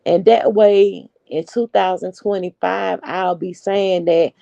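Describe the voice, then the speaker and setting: Unhurried woman in her forties, dry close sound. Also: lowish voice, steady tone, vocal fry, mellow, dry recording, lo-fi sound. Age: 40s. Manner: chatty, unhurried, talks straight to viewers. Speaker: live stream host. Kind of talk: casual live-stream chat.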